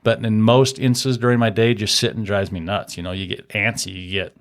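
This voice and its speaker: A man's voice: fairly low pitch, level tone, fairly quick. A man, a podcast guest and auto shop owner, telling hunting stories in a casual, enthusiastic and rambling way. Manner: outdoorsy hunting talk. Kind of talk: casual storytelling chat.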